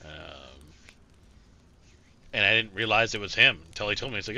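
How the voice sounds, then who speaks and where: A man streams a survival role-play game, rambling casually through his gameplay commentary with lots of swearing, fillers, and restarts. His lowish voice is a little fast, creaky, pushed, and bright, broken by long pauses.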